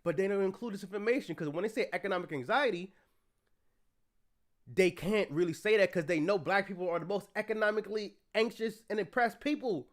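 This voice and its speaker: A young man streaming heated political commentary, indignant and profane, ranting and at times shouting in anger. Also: high voice, a little fast. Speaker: streamer reacting to an article.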